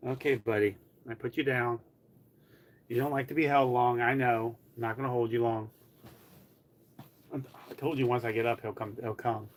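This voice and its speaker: A man's voice: mid-range voice, fairly even intonation, moderate pace, long pauses, a little hiss or hum. A man live streaming from home, chatting casually in a rambling way full of "like". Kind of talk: casual chat.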